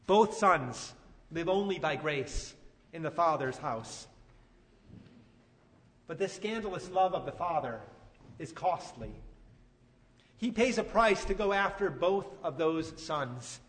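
A man preaching a sermon, retelling a story with animated, emphatic delivery. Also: high-pitched, long reverb tail. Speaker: pastor.

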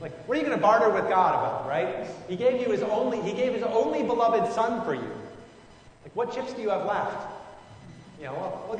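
A man's voice: high-pitched, expressive, a little fast, slight background noise. A man leading a conversational Bible study, musing informally with frequent fillers and restarts. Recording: echoey hall from far off.

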